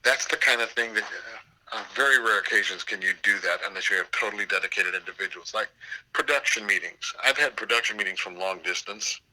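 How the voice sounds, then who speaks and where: An older man, a theater professor, telling anecdotes in an interview with an animated, storytelling manner. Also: on the low side, brisk, rough recording. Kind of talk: storytelling interview over a call.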